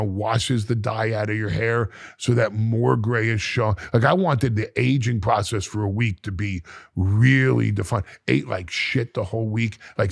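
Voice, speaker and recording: A man's voice: lowish voice, gravelly, no echo, studio quality. A middle-aged man, a podcast guest, telling a story dramatically, repeating words and restarting as he acts out what people said. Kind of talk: animated storytelling in an interview. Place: podcast studio.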